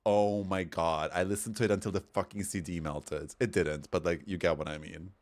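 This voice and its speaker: A man from Europe with a slightly low voice, chatting casually as a streamer while he plays. He tells stories in a campy, animated way and swears freely. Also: moderate pace. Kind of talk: casual chat while gaming.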